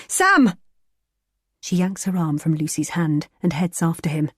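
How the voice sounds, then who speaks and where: A woman reading a thriller audiobook in a tense, measured narrating style. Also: low-pitched, steady tone, mellow, husky, no echo, studio quality.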